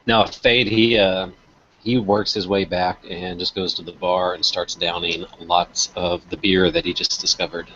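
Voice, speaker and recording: A man playing a tabletop game, describing his character's actions in a halting way. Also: sits low, little pitch movement, bright, forceful tone, muffled recording, slight background noise. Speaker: player. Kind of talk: casual tabletop play.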